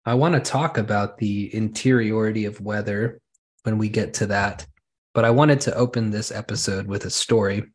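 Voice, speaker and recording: A podcast host with a somewhat low voice spins a long, wry anecdote for his co-host. He talks casually and lingers on small details, setting the scene piece by piece. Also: steady tone, moderate pace. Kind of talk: casual storytelling chat.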